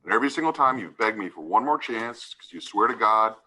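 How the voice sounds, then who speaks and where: A man's voice: fairly low pitch, lively intonation, fairly quick, pushed and bright, breathy edge, rough recording. A man serving as judge, giving a stern courtroom lecture and repeatedly asking "right?" to press his point.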